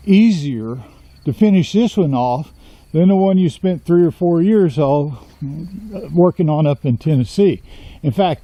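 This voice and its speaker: A middle-aged man with a Texas accent, hosting a vlog and jokingly pitching a run-down warehouse as a workshop. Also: warm tone. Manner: teasing, mock sales pitch. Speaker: woodworking channel host.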